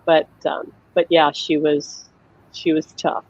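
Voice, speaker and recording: A woman's voice: deep voice, flat delivery, takes it slowly, a little mellow. Chatty woman telling stories, dull lo-fi sound. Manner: chatty, acts out quoted voices, many "like" fillers. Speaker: psychic medium host. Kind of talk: casual personal storytelling. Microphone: video call.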